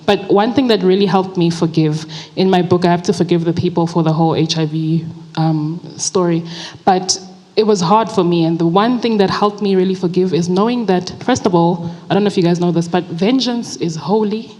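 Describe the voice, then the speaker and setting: Earnest, reflective woman author, lowish voice, reverberant hall. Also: steady tone, a little fast, darkish tone. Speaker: author and guest speaker. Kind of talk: answering an audience question at a book talk. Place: large event hall at a book fair.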